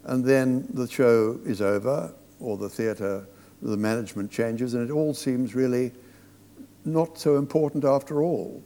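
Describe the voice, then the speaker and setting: An older man with a mid-pitched voice recalls his theatre work in an anecdotal, dryly humorous way. His voice carries a long reverb, like a hall talk in front of an audience. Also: measured pace, mellow. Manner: anecdotal, dry humour. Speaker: theatre director.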